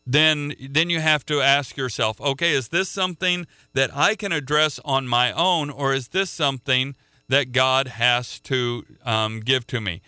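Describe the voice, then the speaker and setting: A man preaches with earnest conviction and often doubles back on his words mid-thought. His voice is strikingly bright and smooth. The sound is dry and close, with no room around it. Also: medium pitch, measured pace, no echo. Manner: earnest, repeats words as he restarts. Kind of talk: sermon.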